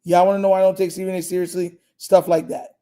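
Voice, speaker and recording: Young male live-stream host, high-pitched but mellow, monotone, slangy and repetitive. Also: fast, smooth. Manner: emphatic, repeats phrases, slangy. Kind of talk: casual live reaction chat.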